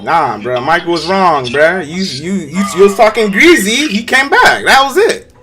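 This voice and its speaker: Man, high lively voice, argumentative, casual debate. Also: moderate pace, over music. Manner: animated, argumentative, says "bruh" constantly. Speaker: stream co-host.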